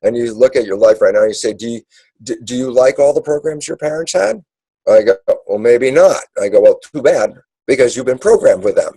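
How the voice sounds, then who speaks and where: Male speaker, warm husky tone, emphatic lecture delivery, dry close sound. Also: mid-range voice, animated, no echo, poor audio. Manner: acts out dialogues in quick asides. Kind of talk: animated lecture.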